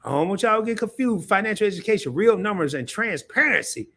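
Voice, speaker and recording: A man with a slightly high voice hosts a casual live stream, speaking straight to his viewers. He is excitable and keeps repeating himself and starting his sentences over. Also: fast talker. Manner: excitable, talks straight to the chat; repeats himself, restarts often.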